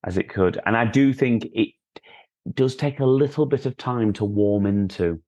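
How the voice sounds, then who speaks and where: A man hosting a podcast in casual film chat, measured and thoughtful, sometimes trailing off. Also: medium pitch, dark tone. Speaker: podcast host.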